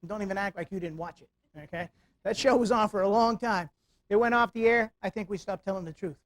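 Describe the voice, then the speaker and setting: A man's voice: sits high, quick pace. A middle-aged man gives a humorous security talk to a room full of people, racing through his lines. He tells stories with lots of energy and keeps asking the crowd rhetorical questions. The sound is dry and close, with little room echo. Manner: animated storytelling, rhetorical questions to audience. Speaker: security awareness speaker. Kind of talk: live lecture with humor. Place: meeting room before live audience.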